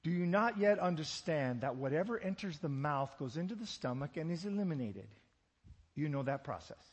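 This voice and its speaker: Animated preacher in an echoing hall. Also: male voice, a little high, moderate pace, slightly rough. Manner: animated, rhetorical questions, joking asides. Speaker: pastor. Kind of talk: sermon.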